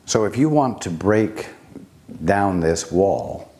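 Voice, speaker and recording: Slow, deep-voiced man teaching. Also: expressive, dark tone. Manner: slow, deliberate, with long pauses and rhetorical questions. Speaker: channeled spiritual teacher. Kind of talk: spiritual teaching talk.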